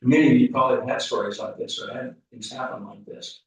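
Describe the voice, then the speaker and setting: A man giving a rambling, folksy eulogy at a funeral service, full of halting restarts. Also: medium pitch, steady tone, dull audio. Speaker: funeral speaker. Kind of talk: eulogy storytelling. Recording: echoey hall, mic off at a distance.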